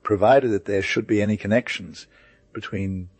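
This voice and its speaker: Earnest young merchant, read by a man, intense and measured, low dry voice. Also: steady tone, darkish tone, no room sound, natural voice. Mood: serious. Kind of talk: audiobook character reading.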